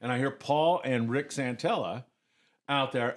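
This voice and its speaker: An animated man telling stories as a podcast guest. His voice sits at a middle pitch, and his delivery is casual and lively. He chuckles often while he talks. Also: measured pace. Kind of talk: casual storytelling.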